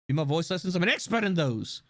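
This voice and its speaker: A theatrical male streamer with a gravelly, fry-laden voice that swoops up and down through a wide, lively pitch range. He chats casually with his audience in a dry, close-miked sound with no room echo. His voice sits somewhat high for a man. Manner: theatrical, swoops between a bright stream voice and a low gravelly one. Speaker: live streamer. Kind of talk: casual live-stream chat answering chat.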